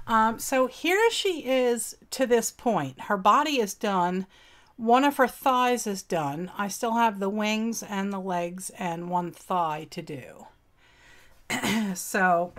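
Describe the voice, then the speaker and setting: A woman's voice: on the high side, a bit bright. A woman hosting a casual craft live stream, greeting chat viewers with affectionate pet names and folksy, old-fashioned exclamations.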